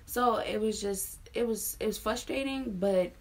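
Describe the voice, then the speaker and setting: This vlogger, a woman in her twenties from Maryland, USA, has a mid-range voice and an unhurried delivery. She tells a personal story casually and frankly, chatting along with lots of fillers.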